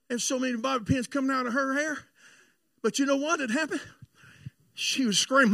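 A man preaching a sermon, telling stories and swinging from loud calls to the congregation to low, joking asides. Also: fairly quick, vocal fry, long pauses, no echo, clean studio sound.

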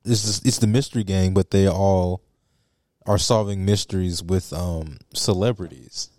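A man's voice: deep voice, steady tone, unhurried, a little mellow, no echo, clean studio sound. A young man co-hosting a casual reaction chat, chatty and opinionated, laughing easily. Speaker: co-host.

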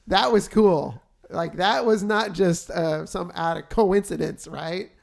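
A man co-hosting a faith-based chat, retelling his experiences in an animated, storytelling way. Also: high voice, a little slow, vocal fry. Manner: animated storyteller, gets excited retelling events.

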